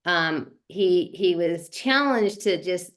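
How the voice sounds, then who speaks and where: A woman's voice: on the low side, lively intonation, takes it slowly. A woman sharing her thoughts on a group call, chatty and full of fillers. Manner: chatty, many fillers and restarts.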